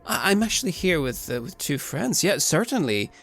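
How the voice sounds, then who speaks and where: A man's voice: a little high, big pitch swings, normal speed, gravelly, a bit bright. A man playing a tabletop game, speaking hesitantly with stammered restarts. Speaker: player.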